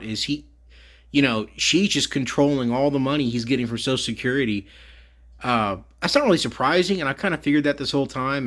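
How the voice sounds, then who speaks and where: A man's voice: medium pitch, a bit bright. Rambling, agreeable livestream host, a man. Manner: agreeable, filler-heavy rambling. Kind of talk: casual livestream chat.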